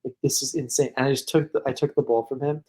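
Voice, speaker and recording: A man's voice: medium pitch, fairly even intonation, fast, darkish tone. Guy on a podcast rambling through a story, says like a lot, mid-range voice. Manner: rambling, heavy use of "like", laughs while telling. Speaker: podcast co-host. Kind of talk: casual storytelling chat.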